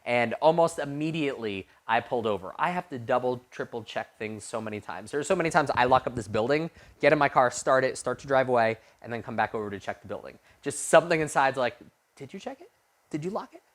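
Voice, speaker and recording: Animated man telling a youth sermon story. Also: medium pitch, fast, hardly any pauses. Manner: animated storyteller with frequent restarts. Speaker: youth pastor.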